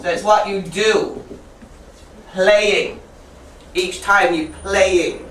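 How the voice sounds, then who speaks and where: A woman teacher trainer running a lively classroom demonstration, repeating and correcting students as she goes. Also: medium pitch, very slow. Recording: echoey classroom from far off with faint noise.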